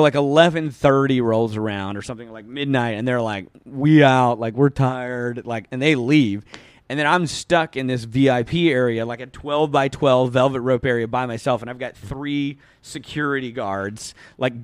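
A man in his thirties telling a long story on a casual podcast, full of fillers, acting out quoted lines in a louder voice. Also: medium pitch, normal speed, no echo, clean studio sound. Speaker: podcast guest.

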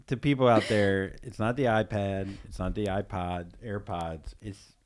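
A young man co-hosting a casual podcast with his partner, joking and deadpan. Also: lowish voice, unhurried. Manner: joking, deadpan, jokey put-on voices. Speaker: podcast co-host. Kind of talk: casual couple chat.

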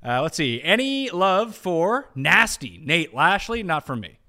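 Lively, bright-voiced man hosting. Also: high voice, unhurried. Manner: animated, bursts into shouting when riled. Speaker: podcast co-host. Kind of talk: casual sports chat.

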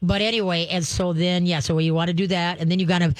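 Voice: mid-range voice, level tone, fast, background noise. A dog trainer giving advice to a caller, rambling with many restarts and playful dog talk, laughing often along the way.

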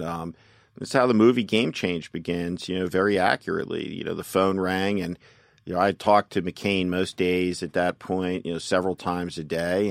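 A low-pitched male voice, recorded cleanly in a studio with no echo. He's a political campaign strategist telling anecdotes in an interview, often quoting people at length and saying "you know" a lot.

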